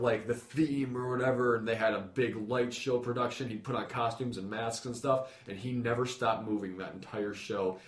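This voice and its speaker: A man co-hosting a podcast in casual chat, gushing with enthusiasm and stumbling over repeated words when excited. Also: medium pitch. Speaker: podcast co-host. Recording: roomy echo.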